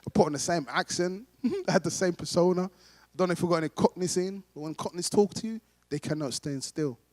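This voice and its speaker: A man's voice: high-pitched, a little fast, darkish tone. A man performing stand-up comedy at a charity dinner, telling playful stories and laughing along. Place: large dinner hall. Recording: long hall reverb.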